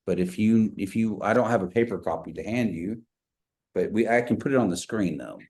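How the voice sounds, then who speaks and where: A man teaching a beginners' language class from an office over a video call, patient and slow when repeating phrases. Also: fairly low pitch, animated, darkish tone.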